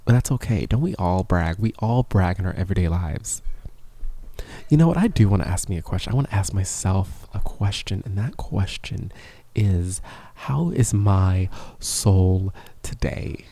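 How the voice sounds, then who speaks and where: A low, warm, creaky voice with plenty of expression belongs to a podcast host talking at normal speed. In a small studio, close to a professional microphone with no echo, he rambles casually and mocks himself, sometimes slipping into a whisper.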